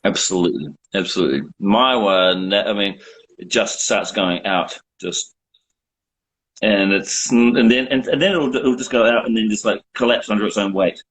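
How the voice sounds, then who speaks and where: A man's voice: fairly low pitch, normal speed, fairly bright tone, low-quality recording. A middle-aged man chatting as a guest on a video call, rambling with dry, self-mocking humor. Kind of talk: casual chat.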